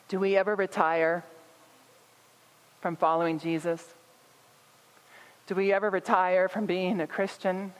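A woman's voice: medium pitch, long reverb tail, poor audio. A woman pastor giving an earnest sermon, building emphasis through repetition.

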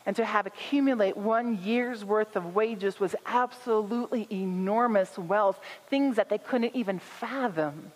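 A woman pastor preaches a sermon with earnest conviction, leaning on repeated phrases to drive her points home. Her voice sits at an everyday pitch and carries a long reverb from the church hall around her. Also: unhurried, hardly any pauses. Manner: earnest, building repetition for emphasis.

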